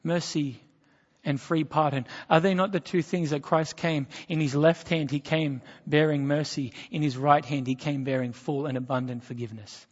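A man preaching a sermon emphatically, swinging between loud, rising declarations and quiet, low lines. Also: steady tone, moderate pace. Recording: dull sound with a long reverb, as in a church hall.

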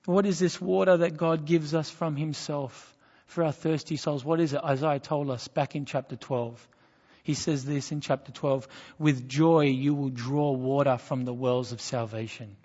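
A man preaching a sermon emphatically, swinging between loud, rising declarations and quiet, low lines. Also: steady tone, moderate pace. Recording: dull sound with a long reverb, as in a church hall.

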